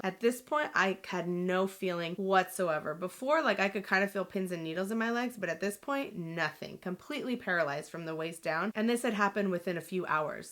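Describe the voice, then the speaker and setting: A woman's voice: lowish voice, fairly bright tone. A woman in her thirties, a vlogger, telling a personal story to the camera in a candid, conversational and reflective way. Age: 30s.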